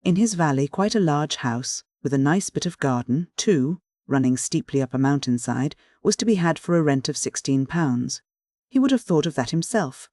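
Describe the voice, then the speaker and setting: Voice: medium pitch, animated, moderate pace, darkish tone, dry recording. Dry, close audiobook narration. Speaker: audiobook reader. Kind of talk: scripted narration of a classic novel.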